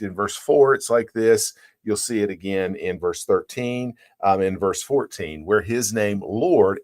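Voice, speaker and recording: A man as pastor, giving a devotional sermon in an earnest, plain-spoken way, reading scripture and explaining it verse by verse. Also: mid-range voice.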